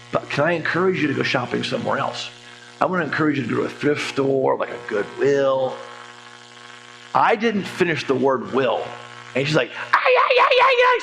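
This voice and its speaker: Lively storytelling man teaching a class. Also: medium pitch, fairly quick, vocal fry, noisy background. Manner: lively storyteller, acts out quoted voices, jokes. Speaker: financial coach teaching a church class. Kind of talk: conversational teaching talk with stories. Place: church hall.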